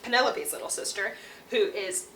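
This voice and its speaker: A young woman giving a playful, slangy, animated recap of a book series. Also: mid-range voice, moderate pace, roomy sound, noisy background. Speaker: book reviewer.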